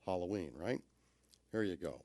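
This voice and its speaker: A man's voice: low voice, animated, moderate pace, a little mellow, no room sound. A man giving a talk on audio description who playfully demonstrates inflection with theatrical shifts in emphasis. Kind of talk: lecture with spoken demonstrations.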